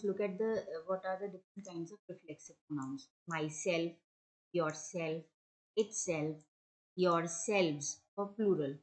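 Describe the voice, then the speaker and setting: A woman's voice: fairly low pitch, darkish tone, poor audio. A woman teacher patiently explaining grammar to children, giving one example sentence after another.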